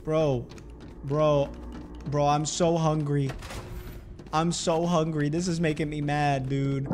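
A young adult streamer giving live gameplay commentary, excitable and jumpy, swearing often. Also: mid-range voice, takes it slowly. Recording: noisy background.

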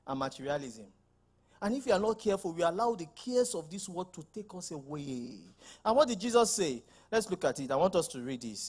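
Pastor preaching, high voice, punchy questions and shouts. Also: male voice. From Nigeria. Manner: emphatic preaching, rising to shouts, rhetorical questions. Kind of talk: sermon.

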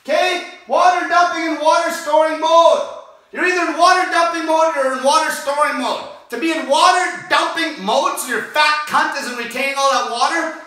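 A man ranting aggressively about diet, swearing nonstop and often shouting. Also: extremely high pitch, normal speed, distant mic. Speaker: diet vlogger. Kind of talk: profane fasting rant. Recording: very echoey room, voice off-mic.

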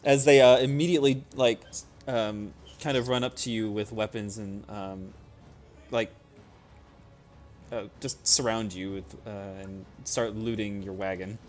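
A young man narrating as a tabletop game master, animated, laughing often and full of fillers. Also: fairly low pitch, a little slow, faint music behind.

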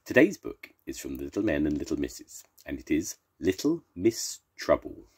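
Deep, lively older grandad reading aloud. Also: male voice, normal speed, husky. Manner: playful, animated storyteller. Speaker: storytelling grandfather. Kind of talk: reading a children's story aloud.

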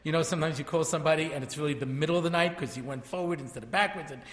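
A man's voice: fairly high pitch, very fast, a bit bright. A man around sixty, a rabbi telling jokey stories in a lecture to a live audience in a large hall, full of chatty asides and self-interruptions. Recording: echoey hall reverb.

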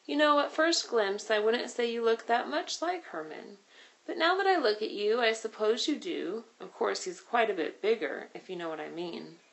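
A woman's voice: fairly high pitch, lively intonation, moderate pace, gravelly, rough recording. A woman reading aloud as a friendly middle-aged man driver who teases and jokes in a talkative way. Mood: teasing.

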